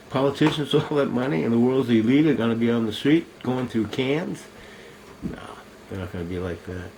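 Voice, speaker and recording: An older man, a veteran, talks straight into a camera mic at home, bitter and accusing. He curses his listeners outright in a middling voice. A faint hiss sits under the recording. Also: medium pitch. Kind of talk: angry monologue to camera.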